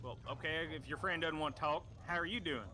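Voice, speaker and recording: A man's voice: fairly high pitch, fast, pushed and bright, a little hiss or hum. A man voicing a talkative, crude male barkeep with a drawling, rambling manner. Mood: folksy. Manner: drawling, rambling, swears freely.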